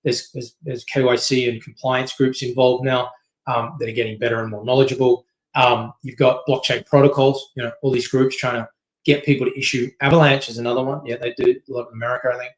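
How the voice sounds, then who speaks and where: A man's voice: mid-range voice, little pitch movement, poor audio. A man presenting as a company chief, talking casually and loosely, with many fillers, restarts, and a frequent "right?". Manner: quick, loose, filler-heavy, keeps asking "right?". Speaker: company CEO giving a masterclass.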